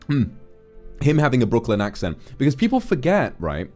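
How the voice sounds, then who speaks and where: A man hosting a livestream, giving a casual film review in an animated, rambling way, often correcting himself mid-sentence. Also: medium pitch, a little fast, soft background music. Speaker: streamer host.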